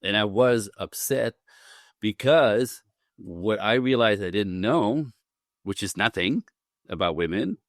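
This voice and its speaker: A man with a low voice tells a personal story as a podcast guest, acting out every quoted line and laughing along the way. He is a relationship coach, lively and expressive. The sound is dry and close, with no room around it. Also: slow, dry recording. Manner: animated storyteller, acts out quotes with big pitch jumps, laughs often. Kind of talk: storytelling in a casual interview.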